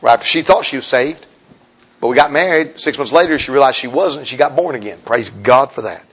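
A male preacher telling a personal story in a sermon, swinging between hushed confiding tones and loud urgent appeals. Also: on the high side, animated, moderate pace. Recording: dull lo-fi recording.

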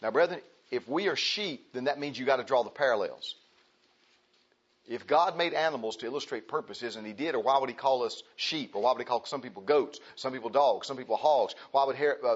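A Baptist pastor preaching a sermon in a church, repeating phrases and asking the congregation questions. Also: male voice, medium pitch, breathy edge. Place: church sanctuary. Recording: dull lo-fi church recording.

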